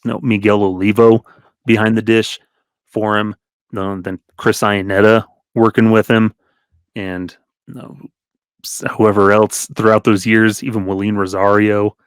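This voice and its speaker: A man talking sports with a relaxed, chatty delivery, rattling off numbers and laughing between them. His voice sits fairly low, and the recording is close and dry with no room sound. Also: normal speed, clear, resonant tone, dry recording. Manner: reels off stats, chuckles often. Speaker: podcast co-host. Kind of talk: casual sports chat.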